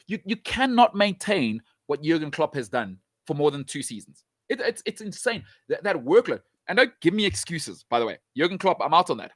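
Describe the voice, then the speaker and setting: Male host, opinionated and animated, slightly raised pitch, dry studio sound. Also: no echo. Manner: emphatic, animated, sarcastic, repeats points. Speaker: show host. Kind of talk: opinionated football talk.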